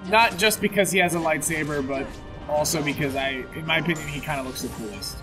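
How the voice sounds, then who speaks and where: A man's voice: fairly high pitch, quick pace. A man commentating a video game, chatty and joking, laughing often. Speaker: let's play commentator. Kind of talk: casual gameplay commentary. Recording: faint game music behind.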